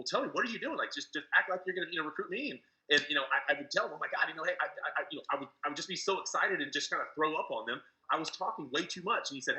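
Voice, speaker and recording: A man telling a story in a casual, excitable way, full of "you know" and restarts. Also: on the high side, low-quality recording. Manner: excitable, many fillers and restarts. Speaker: interviewee, team leader.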